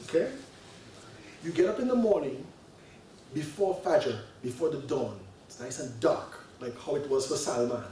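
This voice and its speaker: In a lecture hall, a Canadian sheikh delivers a storytelling sermon, animated and conversational, often checking in with listeners with "right?" and "you know." His voice is a little high and unhurried with frequent pauses, picked up by a distant mic in an echoey room with slight hiss or hum.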